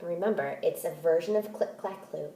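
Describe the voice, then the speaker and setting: A woman teacher reading a picture book aloud and explaining it, in a deliberate, expressive manner. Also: on the low side, reverberant, slight background noise.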